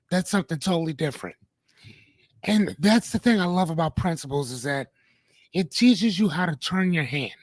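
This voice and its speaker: A man's voice: sits high, dry recording. Playful rambling male livestream host. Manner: playful, rambling, addresses viewers by name. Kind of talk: casual livestream chat with viewers.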